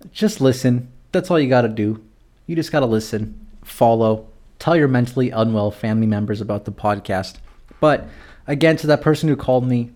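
A man's voice: mid-range voice, a little mellow. A young man hosting his own podcast, talking alone in a rambling, profane, darkly joking way. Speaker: podcast host. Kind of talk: casual solo podcast monologue.

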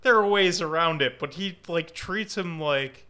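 A man's voice: fairly high pitch, a little slow, sharp tone. A man co-hosting a casual movie podcast, critiquing a film with many filler words. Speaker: podcast co-host. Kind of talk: casual chat.

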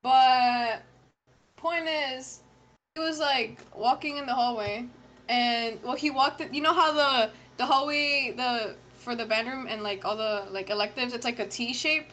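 A teenage girl in casual chat, telling an animated story full of fillers and quoted lines. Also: on the high side, unhurried, a little hiss or hum. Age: teens. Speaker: podcast co-host.

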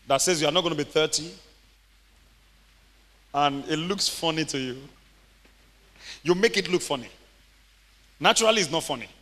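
A male pastor with a high, bright voice preaches a sermon in a church. He laughs easily and builds up to shouted, ringing exclamations. The sound carries a long hall reverb.

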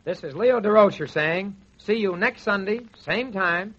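A man hosting a scripted radio sports question show, trading wisecracks in a gruff joking manner, on a dull lo-fi 1940s radio recording. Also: high voice, a little slow, fairly bright tone. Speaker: host.

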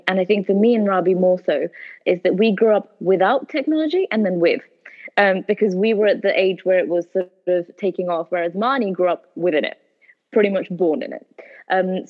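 A woman, a podcast guest giving earnest answers and repeating phrases for emphasis. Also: medium pitch. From United Kingdom. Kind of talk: earnest conversational interview answers. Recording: tinny phone-like line.

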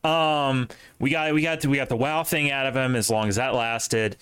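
A man's voice: mid-range voice, steady tone, normal speed, fairly bright tone, clean tone, dry recording. A young man hosting a podcast in casual chat, rambling with restarts and asides. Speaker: podcast host.

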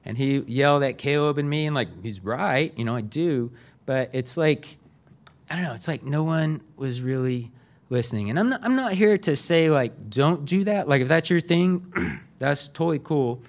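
A man's voice: a little high, animated, normal speed. A middle-aged man, a pastor giving a sermon in an earnest, conversational way. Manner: conversational, earnest, uses fillers.

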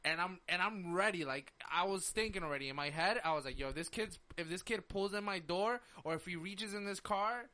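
A man's voice: sits high, fairly quick, hardly any pauses. A young man on a podcast telling a story in casual chat, full of "like" and acted-out quotes. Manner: animated storyteller acting out quotes, lots of "like". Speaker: podcast host.

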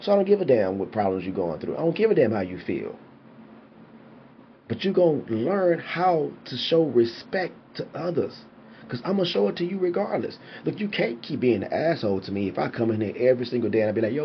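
A man's voice: medium pitch, slight background noise. A young man, a father, talking casually and animatedly to camera, swearing freely and preaching about respect. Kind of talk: casual monologue. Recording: dull lo-fi sound with faint ambience.

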